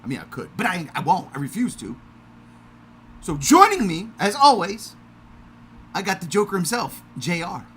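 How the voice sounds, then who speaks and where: A man hosting a podcast livestream in a casual, energetic, self-mocking way. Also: high voice, normal speed, long pauses, slight background noise. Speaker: podcast host.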